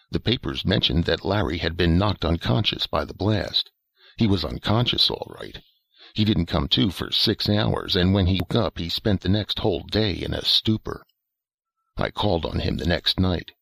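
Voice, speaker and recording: A man narrating a first-person story in a plain, measured, matter-of-fact way. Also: deep voice, animated, gravelly, fairly bright tone, no echo.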